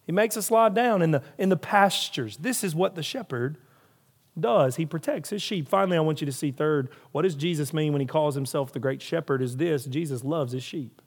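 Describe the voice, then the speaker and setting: A man's voice: fairly high pitch, fairly quick. A man preaching a sermon, building emphasis through repeated phrases and rhetorical questions. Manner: preaching with rising emphasis and repetition. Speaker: pastor.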